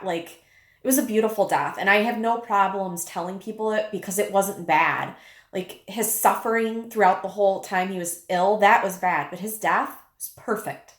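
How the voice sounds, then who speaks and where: A woman's voice: mid-range voice, normal speed. A widow telling her own story to camera, candid and emotional, with frequent swearing. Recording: echoey room.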